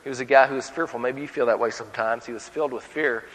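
A man's voice: mid-range voice, fast, long reverb tail, low-quality recording. A man preaching a sermon with humor, telling stories and acting out the people in them. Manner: animated, humorous storytelling with acted voices.

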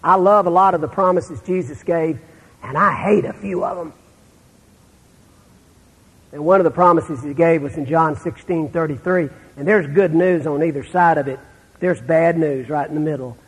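Middle-aged guy preaching, husky and kinda high, big hall echo. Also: normal speed. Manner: storytelling, dropping to a hush for sad moments. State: terminal illness, on breathing treatments. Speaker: pastor. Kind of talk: sermon.

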